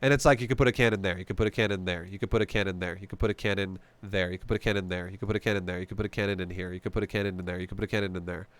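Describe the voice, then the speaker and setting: A man's voice: low voice, fairly even intonation, racing, few pauses, no room sound. A man giving casual, profane gameplay commentary, blunt and joking as he explains strategy. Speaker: game commentator.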